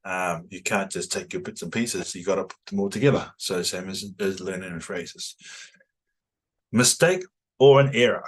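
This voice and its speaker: A man who is a trained language teacher, promoting his pronunciation course in a lively way, often tagging his points with "right?". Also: low-pitched, normal speed. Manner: animated, rhetorical "right?" tags.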